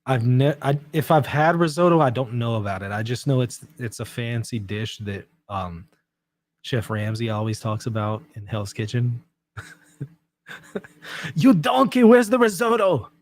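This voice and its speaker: Man, livestream host, casual chat, easygoing, laughs a lot, medium-pitched voice. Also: steady tone, normal speed. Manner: laid-back and self-mocking, laughs often.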